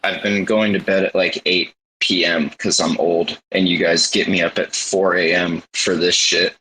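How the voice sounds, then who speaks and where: A man's voice: sits low, flat delivery, normal speed, sharp tone, rough recording. A man in casual chat, joking and teasing while swearing freely.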